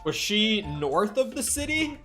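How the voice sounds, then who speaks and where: A man with a mild Minnesotan accent talks casually to his viewers, rambling and dropping the odd swear word. His voice sits a bit high and swings up and down a lot. Faint game music plays behind him. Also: very animated, a little slow, bright, forceful tone. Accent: Minnesotan, from the Twin Cities. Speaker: streamer. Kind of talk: casual livestream chat while gaming.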